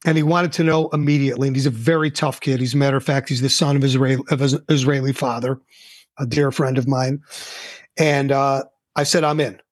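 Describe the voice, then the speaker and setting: A man's voice: mid-range voice, fairly quick, no echo, studio quality. An older man, a guest entrepreneur, telling a personal story in a casual interview and acting out the dialogue. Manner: animated, acts out quoted dialogue.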